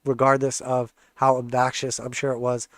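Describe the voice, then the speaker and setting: A man's voice: mid-range voice, monotone, normal speed, no room sound, studio quality. A man with a congested, stuffed-up voice hosting a live trading stream, walking through charts in a casual, joking way. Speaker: trading channel host.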